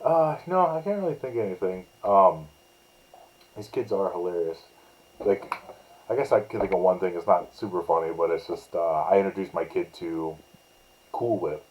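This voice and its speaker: A man's voice: low-pitched, normal speed, darkish tone, rough recording. A man co-hosting a casual podcast, joking with dry one-liners. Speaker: podcast co-host. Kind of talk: casual chat. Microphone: remote call mic.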